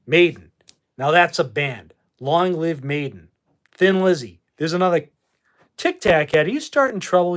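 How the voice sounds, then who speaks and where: A man hosting a live stream from his room at home, reading chat and answering bluntly with plenty of swearing. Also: fairly high pitch. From Boston. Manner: blunt, profane, quick to dismiss with a laugh. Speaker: livestream host reading chat. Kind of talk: casual livestream chat.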